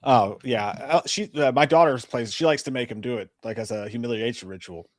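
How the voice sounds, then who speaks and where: Joking guy on a movie stream, talks fast, dry close mic, laughs a lot. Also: medium pitch, dry recording. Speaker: co-host of a live movie show. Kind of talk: casual chat.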